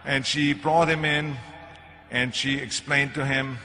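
A man's voice: mid-range voice, slow. An older man with a German accent, giving a motivational speech and telling stories with punchy emphasis. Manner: animated storytelling with punchy emphasis. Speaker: keynote speaker. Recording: echoey hall, faint music.

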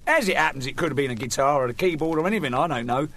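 A man's voice: on the high side, rapid-fire, a bit bright. A middle-aged man hosting his own radio spot, rambling playfully and chuckling at his own jokes. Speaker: radio show host. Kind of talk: joking casual monologue.

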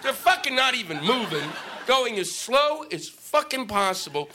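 A man doing a stand-up comedy set on stage, ranting and profane, shouting his punchlines over audience laughter. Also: very high-pitched, sing-song, normal speed, slight background noise. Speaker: stand-up comic.

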